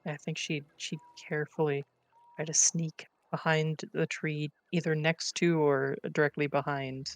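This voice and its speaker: A woman's voice: low-pitched, level tone, a little slow, no echo. A woman player, dry close sound. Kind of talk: casual tabletop play.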